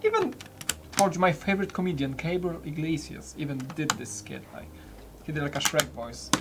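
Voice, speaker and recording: A man's voice: a little high, expressive. A man co-hosting a live build stream, joking and chatting casually. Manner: joking, chatty, quick to laugh. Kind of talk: casual chat while building. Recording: noisy mic with keyboard clicks.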